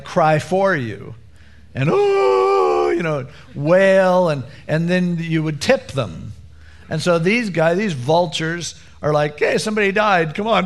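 A man preaching a conversational sermon in a casual, animated way, acting out the people in the story. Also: medium pitch. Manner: casual, animated, acts out quotes.

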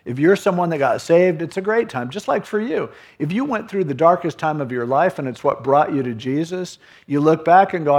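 A man preaching a sermon in a conversational, animated way, acting out what people might say. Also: on the high side, a little fast, few pauses. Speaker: pastor.

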